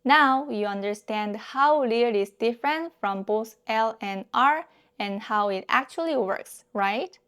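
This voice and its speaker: A woman with a Korean accent, a native Korean speaker, teaching a pronunciation lesson patiently and repeating example words slowly. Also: on the high side, a bit bright, clean tone. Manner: patient, demonstrates sounds with slow repeated drills.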